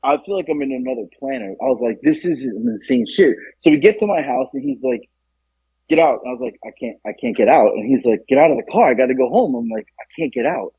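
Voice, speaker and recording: Young male podcast co-host, husky, animated storyteller who acts out the voices. Dull, dry lo-fi sound. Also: fast talker, hardly any pauses, no echo. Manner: animated, acts out quotes with jumps in pitch. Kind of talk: casual storytelling.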